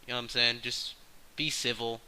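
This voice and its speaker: A man's voice: brisk, a little hiss or hum, rough recording. A man talking casually to his camera, giving a blunt, slang-heavy opinion rant full of swearing. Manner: loud and excited early, calmer and lower later. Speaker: vlogger.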